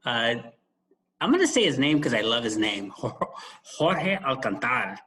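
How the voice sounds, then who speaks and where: A man co-hosting a podcast, telling a school story in a casual chat, with quick asides and laughing at himself. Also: mid-range voice, sing-song, sharp tone. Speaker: podcast co-host and former school administrator.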